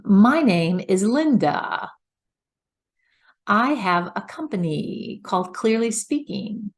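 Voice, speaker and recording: A middle-aged woman voice coach giving a patient, step-by-step instructional talk. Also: mid-range voice. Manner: patient, explains step by step with demonstrations.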